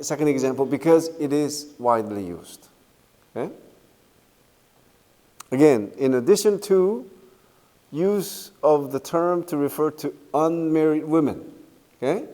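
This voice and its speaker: A middle-aged Korean-accented man lectures slowly in a slightly high, mellow voice. He peppers his points with fillers and "right?" checks. The sound carries a long reverb from the lecture hall. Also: expressive. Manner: unhurried, frequent "okay?" and "right?" checks, many fillers. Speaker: university lecturer. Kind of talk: university lecture.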